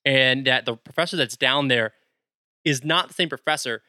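Bright-voiced man chatting on a podcast. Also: medium pitch, normal speed, dry recording. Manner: enthusiastic, retells game scenes with quoted lines. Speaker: podcast co-host. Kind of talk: casual chat.

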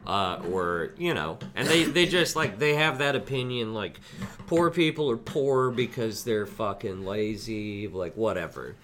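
A man's voice: on the low side, animated, measured pace, a bit bright, a little hiss or hum. A man co-hosting a podcast, chatting casually, rambling and swearing a lot. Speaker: podcast co-host. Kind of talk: casual chat.

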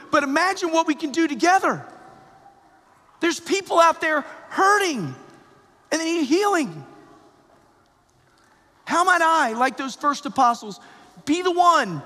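High-voiced priest preaching in echoing church. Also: male voice, lively intonation, a little slow, pauses often, sharp tone. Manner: conversational, repetitive, rising to emphatic calls. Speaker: parish priest. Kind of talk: sermon. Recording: long church reverb.

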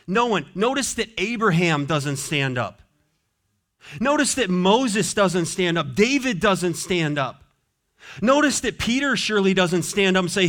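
A man preaching a sermon as pastor, moving between loud proclaiming and hushed low passages, and briefly acting out biblical figures. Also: expressive, normal speed.

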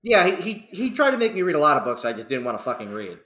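A man's voice: fairly high pitch, very animated, racing, sharp tone, roomy sound. A young man from New York, hosting a casual podcast and rambling through a story with plenty of swearing. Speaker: podcast host.

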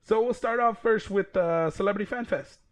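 A man in his thirties hosting a podcast, casual and profane, excitable and quick to laugh. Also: sits high. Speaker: podcast host.

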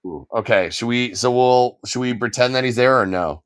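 A man's voice: mid-range voice, normal speed, a bit bright, clear, resonant tone. A man co-hosting a casual podcast chat, swearing often and thinking aloud as he weighs his picks. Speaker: podcast co-host.

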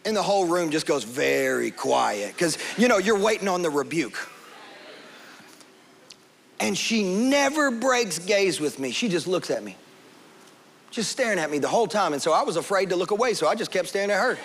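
A man preaching a sermon as a pastor, telling a personal story in an animated way and acting out the voices of people in it. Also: sits high, normal speed, vocal fry, a little hiss or hum.

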